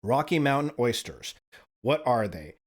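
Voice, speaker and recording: Very animated yet at a measured pace, a mid-range voice belongs to a stream host from Wyoming. His casual story rambles, gets profane, and keeps tagging "right?" onto sentences.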